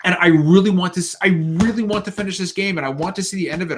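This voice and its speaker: Animated swearing man ranting. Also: sits high, fast talker, slight background noise. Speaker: podcast co-host. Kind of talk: casual chat.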